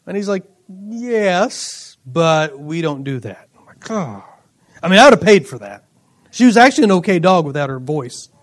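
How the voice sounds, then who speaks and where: High-voiced middle-aged preacher, animated storyteller, laughs a lot. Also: male voice. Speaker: pastor. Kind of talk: sermon with personal stories.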